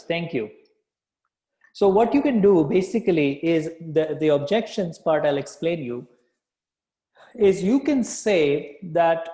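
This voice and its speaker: A man's voice: fairly high pitch, expressive, slow, pauses often, dark tone. Male sales coach in an echoey room. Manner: repeats key phrases, checks in with listeners. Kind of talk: live workshop teaching.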